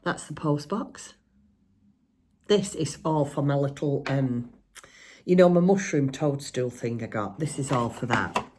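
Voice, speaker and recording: A woman's voice: a bass voice, expressive, unhurried, a little mellow, a little hiss or hum. An older woman and grandmother chatting casually on her vlog, showing off a shopping haul, giggly and teasing. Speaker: crafting vlogger.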